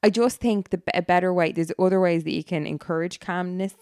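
A woman's voice: lowish voice, fairly even intonation, fairly quick, a little mellow, no echo, clean studio sound. A woman co-hosting a podcast in casual chat, agreeing with the other speaker and backing up her points. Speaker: podcast co-host.

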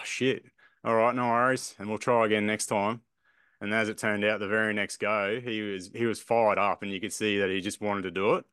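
A man hosting a podcast, chatting casually and telling animated stories with casual swearing. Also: fairly low pitch, clean tone, no room sound, clean studio sound. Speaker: podcast host. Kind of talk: casual chat.

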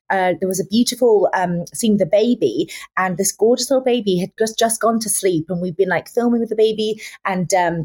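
A young actress chatting as a guest in a casual interview, gushing and enthusiastic, with many fillers. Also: female voice, mid-range voice, a little mellow.

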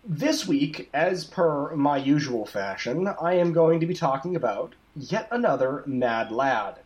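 A man co-hosting a podcast, talking casually with his friends. His fairly high voice swings up and down with lively pitch, and his delivery is goofy, stumbling over his words. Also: unhurried, lo-fi sound. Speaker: podcast co-host. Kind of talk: casual chat, reading a sponsor spot.

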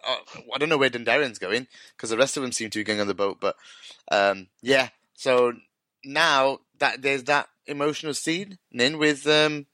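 A man's voice: medium pitch, moderate pace, sharp tone, no echo. A man co-hosting a podcast, casually recapping a TV episode in a loose, sweary way with plenty of laughter. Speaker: podcast co-host.

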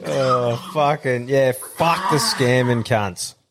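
A man's voice: medium pitch, slow pace, noisy background. A man hosting a podcast in casual, blunt, swearing chat. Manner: blunt, swearing, laid-back. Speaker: podcast host.

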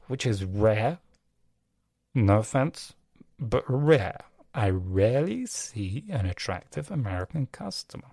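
A man's voice: fairly low pitch, very animated, slow pace, gravelly, mellow, no room sound, clean studio sound. A young man talking casually on his own, rambling and correcting himself, swearing often. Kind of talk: casual monologue.

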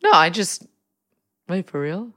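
A woman co-hosting a casual podcast who keeps pressing with skeptical questions. Her voice sits a little low, but it swings dramatically in pitch. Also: very animated, unhurried, pushed and bright. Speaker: podcast co-host. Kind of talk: casual chat.

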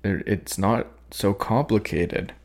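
A young man with a daughter, hosting a podcast and talking over his own poems in a halting, reflective way, with many fillers and restarts. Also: on the low side. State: sleepy, yawning. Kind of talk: rambling reflective talk.

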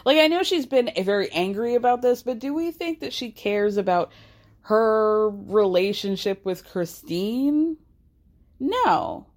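A woman's voice: on the high side, animated, a little slow, a little mellow. A woman hosting a casual chat, recapping with sarcasm and frequent laughter. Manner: sarcastic, laughs often, acts out quotes. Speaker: podcast host recapping a reality show. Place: outdoors in a city, passersby watching.

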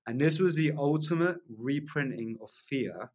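A man telling a long personal story as a podcast guest, in a lively casual way, often asking "right?" along the way. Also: on the high side, normal speed. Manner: animated storyteller, frequent "like" and "right?" tags.

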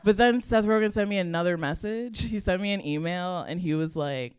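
A woman doing stand-up, telling a story with lively impressions of others. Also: on the low side, brisk, clean tone, dry recording. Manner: animated storytelling, mimics others. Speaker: stand-up comedian. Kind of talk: stand-up comedy set.

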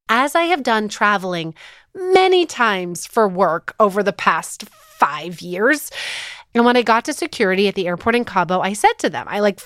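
A woman's voice: mid-range voice, a bit bright, clear, resonant tone, dry recording, clean studio sound. A woman in her thirties hosting a podcast, telling a story with fired-up, emphatic energy. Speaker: podcast host. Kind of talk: animated storytelling.

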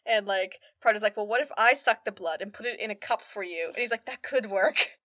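Woman, casual film recap, acts out lines, bright tone, dry close sound. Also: medium pitch, fairly quick, no room sound. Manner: animated storytelling, acting out characters' lines; frequent "like" fillers. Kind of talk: casual chat, retelling a film plot.

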